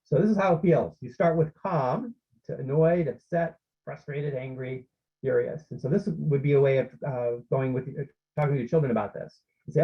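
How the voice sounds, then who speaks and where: A man's voice: medium pitch, moderate pace, slightly rough, highs cut off. A man presenting an online parenting workshop, explaining steps and often checking in with his listeners.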